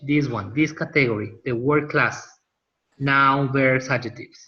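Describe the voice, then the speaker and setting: Man, bright voice, patient teacher, lo-fi online-call sound. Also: mid-range voice, moderate pace. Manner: patient, asks students questions and repeats answers. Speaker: linguistics teacher. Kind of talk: classroom lecture over a call. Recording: dull lo-fi call audio.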